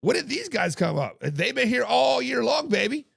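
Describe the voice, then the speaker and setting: Gravelly, hoarse-voiced man sports host. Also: very high-pitched, very animated, moderate pace, a bit bright, no room sound, studio quality. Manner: chatty, greets viewers in chat. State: hoarse from coaching. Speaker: podcast host. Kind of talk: casual live-stream sports talk.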